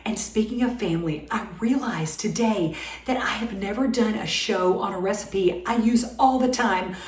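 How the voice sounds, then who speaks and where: A middle-aged woman with a warm Southern American accent talks her viewers through a family recipe in a cheerful, chatty, folksy way. Her voice sits in a medium register. The kitchen around her is roomy and echoey. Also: mid-range voice, moderate pace. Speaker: cooking show host. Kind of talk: home cooking show. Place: home kitchen.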